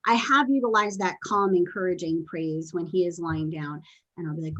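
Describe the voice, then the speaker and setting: A woman hosting a podcast, telling stories in a chatty, animated way with quick asides. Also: fairly low pitch, highs cut off. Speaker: podcast host and dog trainer. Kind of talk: casual podcast conversation.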